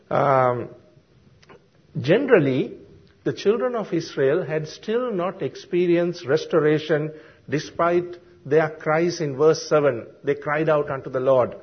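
Man preaching, slow deliberate delivery, husky voice, dull lo-fi recording. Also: a little high. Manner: slow, deliberate Bible exposition with frequent ums and uhs. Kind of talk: sermon.

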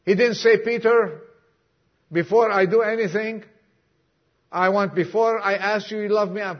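A man preaching a sermon to a congregation, emphatic, acting out dialogue and dropping suddenly to a hush. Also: high voice, moderate pace, muffled recording. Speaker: pastor. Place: church congregation.

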